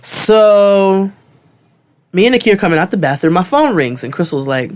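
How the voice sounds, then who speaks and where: Animated, cussing podcast storyteller man. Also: high voice, moderate pace. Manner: animated, profane, acts out quotes. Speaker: podcast co-host. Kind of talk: casual storytelling.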